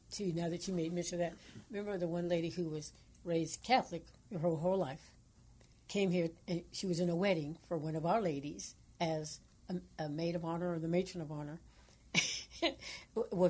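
A woman co-hosting a Christian radio talk show, speaking earnestly and quoting scripture, sometimes dropping into hushed asides. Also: on the low side, husky.

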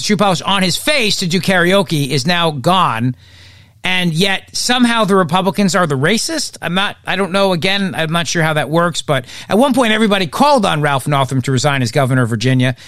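A man's voice: on the high side, lively intonation, brisk, a bit bright, no echo. A man hosts a political commentary podcast in a slightly raised voice, full of sarcasm and mockery. His delivery is dry and close with no room sound. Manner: sarcastic and mocking. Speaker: podcast host.

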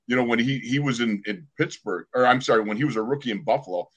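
An older man, a former pro football player, telling lively sports stories on a casual podcast. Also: medium pitch, fast, husky. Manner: animated storyteller, acts out other people's lines.

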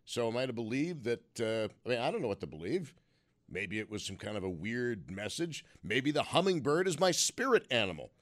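A man's voice: medium pitch, sing-song, brisk, fairly bright tone. A man hosting a call-in radio show, musing wryly and asking probing questions of callers. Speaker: radio talk show host.

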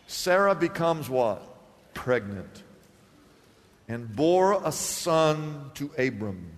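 Man preaching, high-pitched, lively storytelling sermon, long hall reverb. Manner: animated preacher, acting out Bible scenes and reading scripture. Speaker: pastor.

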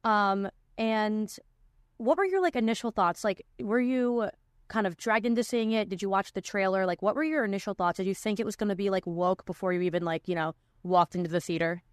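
A woman's voice: medium pitch, fairly quick, no echo, studio quality. A young woman hosting a podcast in casual chat, talking with lots of "like" fillers. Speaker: podcast host.

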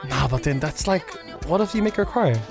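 A man co-hosting a radio show, mocking his friends and quick to laugh. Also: fairly high pitch, animated, over music. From New Zealand. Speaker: radio co-host. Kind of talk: casual radio banter.

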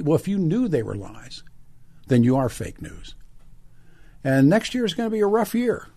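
A man's voice: fairly high pitch, big pitch swings, normal speed, darkish tone, husky. An older man hosting a talk radio show, reading ads and ranting bluntly with rhetorical questions. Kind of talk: talk radio monologue and ad read.

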